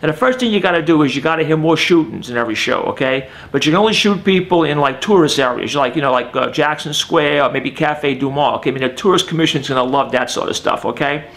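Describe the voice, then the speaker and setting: A man's voice: fairly high pitch, fast talker, hardly any pauses, a bit bright. A comedian playing a brash, rambling local man from New Orleans who gives advice over the phone, with a New Orleans accent. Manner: brash, rambling phone patter with "okay?" tags. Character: fast-talking local man giving tips on the phone. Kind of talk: live one-man stand-up sketch.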